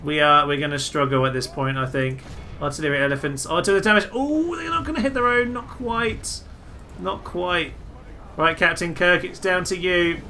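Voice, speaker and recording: A young man talks through a battle in a strategy game, casual and wry, often bursting into loud excited cries. His voice sits somewhat high and sounds bright and forceful. A faint hiss runs under his voice. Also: fairly quick. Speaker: gaming video host. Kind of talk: casual gameplay commentary.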